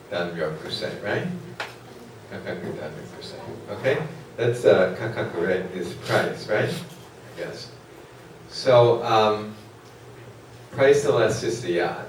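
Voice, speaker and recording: A man's voice: fairly low pitch, noisy background. A man giving a classroom economics lecture, rambling and putting questions to the class, with many fillers. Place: lecture hall. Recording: echoey lecture hall from far off.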